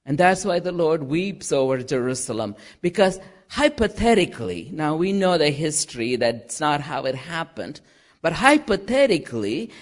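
Male preacher, slow and deliberate sermon delivery, slightly high voice. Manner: slow, deliberate preaching with chanted quotes and fillers.

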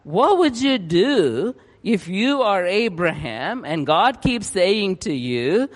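Brief: male preacher, high voice, excited rushed delivery, long hall reverb. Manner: excited, rushing, keeps checking in with "yeah?". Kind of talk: sermon.

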